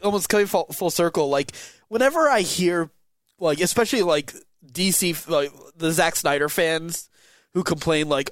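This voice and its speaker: A man's voice: on the high side, moderate pace, fairly bright tone, no echo, studio quality. A man co-hosting a podcast in casual chat, laughing often and restarting his sentences with lots of fillers. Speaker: podcast co-host.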